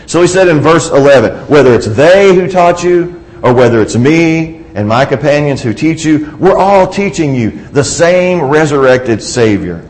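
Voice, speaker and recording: A man's voice: a little high, rough recording. Emphatic male preacher. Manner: emphatic, rhetorical questions to the congregation; wide swings between raised and hushed delivery. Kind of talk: sermon.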